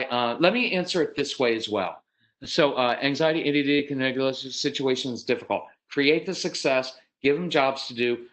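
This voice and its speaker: A middle-aged American man speaks at a live parenting workshop. His delivery is direct and matter-of-fact, and he breaks into lively acted voices of parents and children to make his points. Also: mid-range voice, poor audio. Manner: animated, acts out parents and kids in quick voices.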